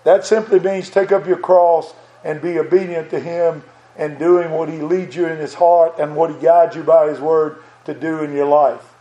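Speaking at a moderate pace with little pitch movement, an older preacher delivers a sincere sermon in a fairly high, mellow voice, echoing off the church walls. He reads scripture aloud and repeats phrases for emphasis, while the highs in the recording are cut off.

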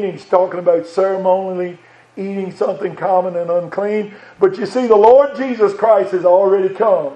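A man's voice: high-pitched, fairly even intonation, moderate pace. A man preaching a sermon in a folksy way, repeating phrases for emphasis. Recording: dull lo-fi sound.

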